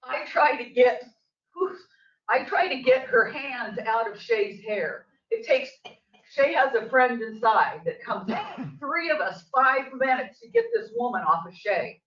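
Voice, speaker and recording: Her voice is on the high side and sing-song, fairly bright, delivered a little slowly. She's an older woman from the area addressing a board meeting's public comment period, telling her story with agitation and emphasis that builds as her voice rises at the end. The district office meeting room recording sounds distant, echoey and dull.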